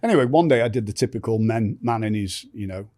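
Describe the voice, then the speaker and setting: A man's voice: lowish voice, animated, fast, mellow. A middle-aged man, a podcast guest, telling stories in conversation and acting out other people's lines. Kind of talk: storytelling in conversation.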